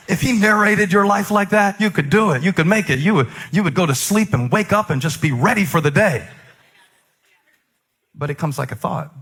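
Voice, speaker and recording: Middle-aged male preacher, bright and forceful tone, chatty delivery that builds to emphatic peaks, jokes with the congregation. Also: high voice, lively intonation, moderate pace, long pauses, slightly rough. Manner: conversational, with sudden emphatic surges. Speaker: pastor. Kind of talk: sermon.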